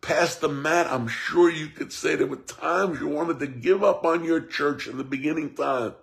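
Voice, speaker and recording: A man preaching an impassioned sermon, swinging between shouts and hushed tones and repeating a refrain. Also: fairly high pitch, normal speed, vocal fry. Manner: repeats a refrain, addresses listeners by name.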